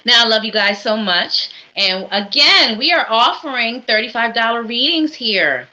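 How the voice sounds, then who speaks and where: A woman's voice: on the high side, expressive, moderate pace, pushed and bright, lo-fi sound. A woman hosting a live psychic reading stream, talking in an upbeat, encouraging, chatty way. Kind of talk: casual live-stream chat.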